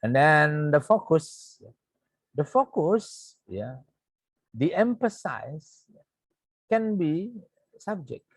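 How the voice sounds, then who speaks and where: Slow, deliberate male teacher with Indonesian accent. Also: fairly high pitch, sing-song, no room sound. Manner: slow and repetitive, with frequent "yeah" checks. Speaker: English grammar teacher. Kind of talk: online lecture.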